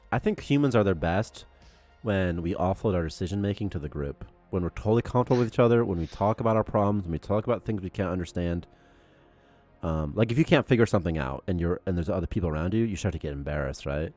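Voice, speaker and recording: A man co-hosting a game development livestream in casual chat, excitable and rambling, getting heated about topics as he talks. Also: low-pitched, quick pace, faint music behind. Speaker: co-host, game programmer.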